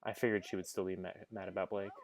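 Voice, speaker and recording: A man's voice: sits low, level tone, quick pace, a little hiss or hum. A man hosting a reaction video, chatting casually, easily amused, and talking to his dog between remarks.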